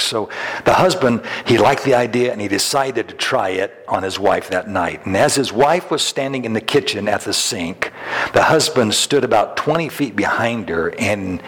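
With a lowish, fairly bright voice and a breathy edge, a middle-aged pastor delivers a storytelling sermon. He is folksy, chuckles through his anecdotes, and restarts a lot, all echoing in a long hall reverb.

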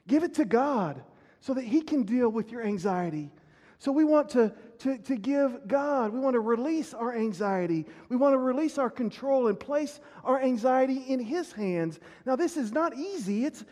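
A man's voice: extremely high pitch, animated, moderate pace, darkish tone. A male pastor preaching a sermon earnestly, often repeating words as he builds a point. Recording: reverberant hall.

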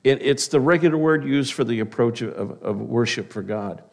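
A man preaching a sermon as a pastor, talking conversationally with frequent restarts and asides, slowing down to stress key words. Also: medium pitch, gravelly, a little mellow.

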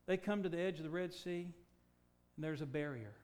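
A man preaching a sermon, emphatic and full of rhetorical questions, swinging from loud declarations to low, quiet points. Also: brisk.

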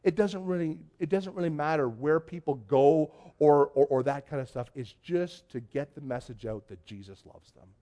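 Chatty pastor, higher voice. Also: male voice, normal speed, hardly any pauses. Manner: chatty storytelling, excitable, many restarts. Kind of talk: conversational sermon. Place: church before a congregation.

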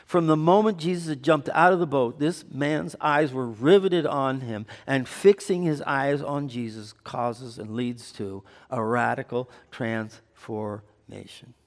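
A man's voice: mid-range voice, unhurried, few pauses. A man preaching a sermon as pastor, switching between earnest teaching and light banter with the congregation. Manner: conversational preaching with audience banter. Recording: long hall reverb.

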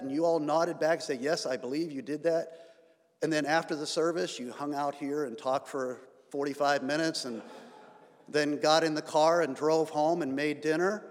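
Pastor, man, sermon delivery, slightly high voice, long church reverb, emphatic builds. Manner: rising emphatic delivery with sarcasm. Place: church sanctuary.

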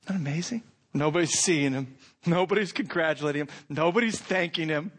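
A middle-aged man preaching a sermon, animated, acting out imagined lines with rising intensity. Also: a little high, a little fast. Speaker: pastor.

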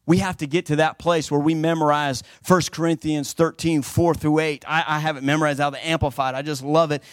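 A man preaching a sermon with fervent emphasis, swinging between loud declarations and hushed passages. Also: on the high side, fairly even intonation, brisk, dry recording, clean studio sound.

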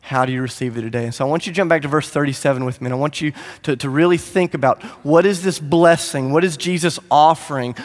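Pastor preaching a sermon: a man with a higher-than-usual voice and an emphatic storytelling delivery, recorded in a reverberant church hall. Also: quick pace, few pauses. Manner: storytelling, emphatic, rhythmic lists, shifting between loud and hushed. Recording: echoey hall.

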